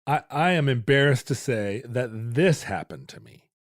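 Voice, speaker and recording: A man's voice: mid-range voice, expressive, moderate pace, dry recording, studio quality. A man from Alaska, co-hosting a podcast and telling rambling, self-deprecating stories in casual chat. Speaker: podcast co-host.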